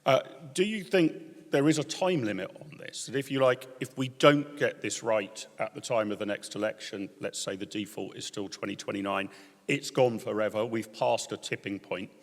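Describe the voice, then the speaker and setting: A man's voice: lowish voice, moderate pace. A man hosting a conference and asking the guest long, rambling, searching questions. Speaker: conference host and interviewer. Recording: reverberant conference hall.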